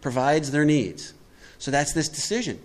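A man's voice: a little high, animated, normal speed. A middle-aged man giving a twelve-step recovery talk to a group, conversational and emphatic, often putting questions to his listeners.

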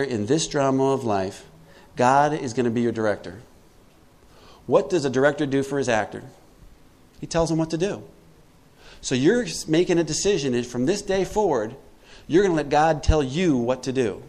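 A man's voice: medium pitch, darkish tone. A middle-aged man giving a twelve-step recovery talk to a group, conversational and emphatic, often putting questions to his listeners.

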